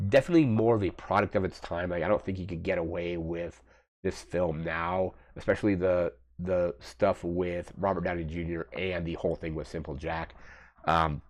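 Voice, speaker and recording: A man's voice: deep voice, darkish tone. A man hosting a movie review channel, casually retelling a film's plot with lots of filler words and restarts. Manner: rambling, filler-heavy retelling.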